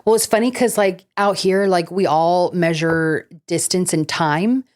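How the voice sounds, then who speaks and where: Low-voiced chatty woman co-hosting a podcast. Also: unhurried, darkish tone. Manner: chatty, filler-heavy, laughs easily. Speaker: podcast co-host. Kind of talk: casual chat; reading ghost-story notes between chat.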